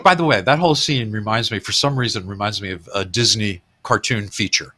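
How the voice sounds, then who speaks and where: A man's voice: on the low side, a little fast, over music. A man hosting a podcast, retelling film gags in a casual, chuckling way. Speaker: podcast host.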